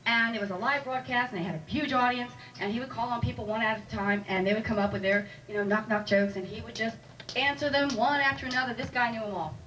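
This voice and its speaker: A woman's voice: fairly high pitch, quick pace, bright, forceful tone. A woman telling a joke on stage in a chatty, self-deprecating way. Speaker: stand-up comedian. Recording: distant mic, faint noise.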